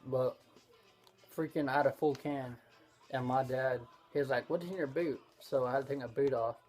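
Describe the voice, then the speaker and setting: A young man tells a story in a halting way and keeps restarting his sentences. His voice sits at a middle pitch for a man. Faint music plays behind him. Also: little pitch movement, darkish tone. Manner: halting, full of restarts and fillers. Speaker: vlog co-host. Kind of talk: casual storytelling chat.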